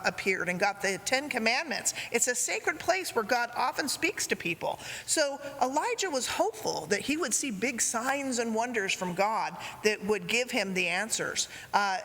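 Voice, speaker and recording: Bright-voiced woman preaching in a hall. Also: mid-range voice. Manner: gentle storytelling with acted quotes. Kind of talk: sermon. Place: church sanctuary. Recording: reverberant church hall.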